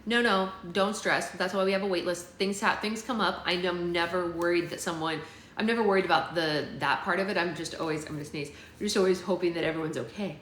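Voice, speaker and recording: A woman's voice: fairly low pitch, fairly even intonation, fairly quick, a bit bright. A woman hosting a book club livestream, chatting casually with viewers by name and using many fillers. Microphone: phone livestream. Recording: roomy with faint background noise.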